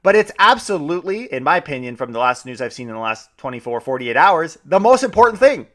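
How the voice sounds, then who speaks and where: A man's voice: a little high, sing-song, fast talker, fairly bright tone. A man hosting a podcast, talking in a chatty, enthusiastic way with frequent restarts. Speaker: podcast host. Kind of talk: casual podcast commentary.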